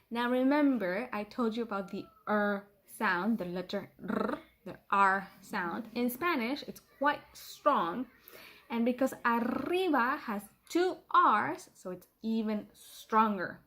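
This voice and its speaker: Brief: middle-aged woman, children's teacher, slow, patient drilling, slightly high voice, playful. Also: fairly bright tone, slight background noise. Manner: slow, repeats words for pupils to copy; playful, laughs at herself. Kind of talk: children's language lesson.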